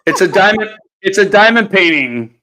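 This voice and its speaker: A man hosts a casual live-stream Q&A about crafting. His voice sits a little higher than most men's, and he talks animatedly, laughing as he winds through stories. It sounds like a home webcam setup. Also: expressive, moderate pace, sharp tone, poor audio.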